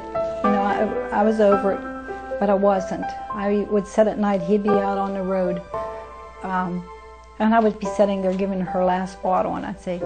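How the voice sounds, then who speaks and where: An older woman tells her family's story in a documentary interview, speaking plainly and acting out what each person said. Her voice sits at an average pitch, and her grammar is folksy and homespun. A clear music bed plays under her words. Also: flat delivery, normal speed, low-quality recording. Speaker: foster mother telling her story.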